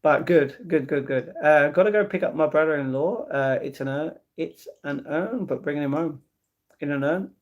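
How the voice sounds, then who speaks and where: Reading viewers' comments aloud, this male livestream host tosses back relaxed, casual answers. He speaks at a moderate pace in a somewhat high voice. The sound quality is lo-fi.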